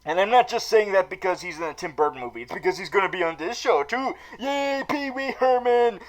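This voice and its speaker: A man's voice: high-pitched, lively intonation, fast talker, low-quality recording. A man hosting a comic recap vlog, rambling and profane with many fillers and restarts. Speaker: comedy vlogger in villain persona.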